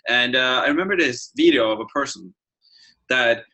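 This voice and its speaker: A man talking as a guest in a casual chat, his voice bright and forward. He tells stories with energy and acts out what people said. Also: medium pitch, moderate pace, low-quality recording. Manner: lively storyteller, acts out quotes. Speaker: guest, wingsuit flyer.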